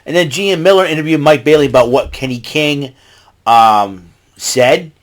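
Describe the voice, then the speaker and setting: A man's voice: fairly high pitch, normal speed. A man hosting a casual show, recapping events in a rambling way and jumping into raised voices when he quotes people. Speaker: podcast host recapping wrestling.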